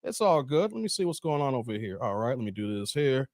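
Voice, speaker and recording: A man, hosting a casual livestream and chatting hyped with viewers, laughing and shouting them out. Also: mid-range voice, very animated, quick pace, no room sound, clean studio sound. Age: 40s. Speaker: livestream host. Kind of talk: casual livestream chat reading viewer comments.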